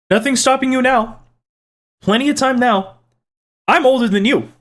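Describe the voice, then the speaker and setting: A man with a fairly high voice chats casually as he reads through comments from his viewers. He rambles, restarts his sentences and tosses in little jokes as he replies, keeping a playful tone throughout. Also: lively intonation, normal speed, a bit bright. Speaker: channel host reading viewer comments. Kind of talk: casual chat.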